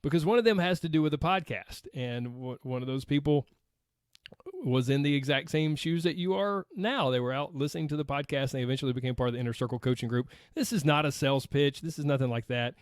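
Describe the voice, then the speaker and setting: A man's voice: mid-range voice, fast talker, smooth, no echo, clean studio sound. A man with a Southern US accent hosting a weight loss podcast, chatting casually and reading listener posts aloud with a friendly laugh.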